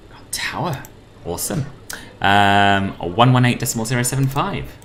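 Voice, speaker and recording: A man's voice: medium pitch, lively intonation, normal speed, a bit bright, slight background noise. A man from the UK streaming a flight simulator, chatting playfully with viewers and reading out radio calls. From United Kingdom. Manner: chatty and playful, laughs often, calls people boss.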